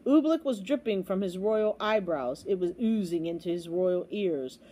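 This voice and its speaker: Woman storyteller, dramatic read-aloud of a kids' book, mellow warm tone. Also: lowish voice, expressive, normal speed. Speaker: storybook reader.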